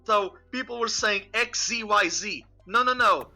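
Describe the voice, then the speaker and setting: A man's voice: high-pitched, measured pace, pushed and bright. A man hosting a podcast, rambling casually with lots of "you know". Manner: rambling, many fillers and restarts. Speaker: podcast host. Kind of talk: casual chat. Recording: faint music behind.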